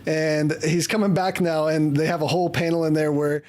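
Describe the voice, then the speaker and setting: On a casual comics podcast, a male co-host rambles through his ideas with friends, frequently chuckling. His voice is high-leaning yet darkish, with a level tone and a brisk pace.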